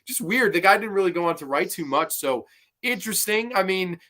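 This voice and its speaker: A man hosts a casual horror podcast with a high, ringing voice. He talks in an animated way, swears freely, and laughs as he retells scenes. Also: fairly quick. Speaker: podcast host. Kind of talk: casual horror movie review chat.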